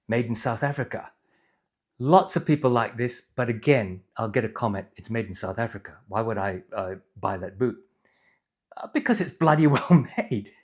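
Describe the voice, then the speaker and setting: A man reviewing boots, giving blunt, opinionated advice in a casual video. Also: mid-range voice. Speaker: boot reviewer.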